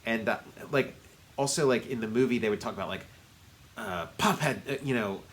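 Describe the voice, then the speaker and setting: A man's voice: medium pitch, a little fast. A man co-hosting a casual movie review podcast, rambling and circling back with many fillers. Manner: rambling, lots of fillers and restarts. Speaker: podcast co-host.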